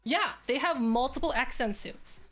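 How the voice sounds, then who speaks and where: A woman's voice: high voice, expressive, normal speed, a bit bright, soft background music. A woman streaming live, chatting casually and rambling with lots of fillers. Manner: rambling, filler-heavy, restarts often.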